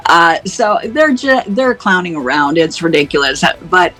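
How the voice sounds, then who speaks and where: A woman's voice: on the low side, animated, a little slow, fairly bright tone, soft background music, rough recording. A woman from the United States giving blunt, indignant political commentary, with many fillers. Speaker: commentator guest.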